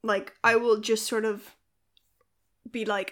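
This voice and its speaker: A woman's voice: medium pitch, flat delivery, takes it slowly, fairly bright tone. A woman who creates and writes a podcast, chatting casually and rambling with many fillers as she answers listener questions.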